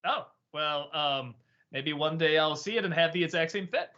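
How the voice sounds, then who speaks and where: A man's voice: fairly high pitch, moderate pace, bright, forceful tone. A man hosting a casual livestream chat who hesitates, restarts and laughs as he answers questions. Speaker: host. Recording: dull lo-fi stream audio.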